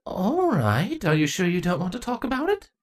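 A woman's voice: on the low side, sing-song, moderate pace, voice pushed up. A woman voicing a laid-back, teasing young female changeling in a storybook reading. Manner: casual, dry, teasing.

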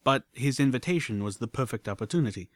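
A man narrates a storybook audiobook in a steady, measured way. His voice sits at middle pitch, dry and close to the mic. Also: dry recording.

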